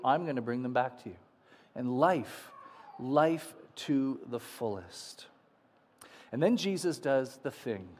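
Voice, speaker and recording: A male pastor delivering an Easter sermon and reading scripture, dramatic, often dropping to soft, low endings. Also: long reverb tail.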